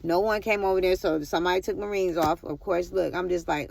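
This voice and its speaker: A woman's voice: on the low side, fairly even intonation, fairly quick, creaky, a little mellow, no room sound. A woman vlogger telling a personal testimony in a rambling way, repeating herself and talking straight to her viewers.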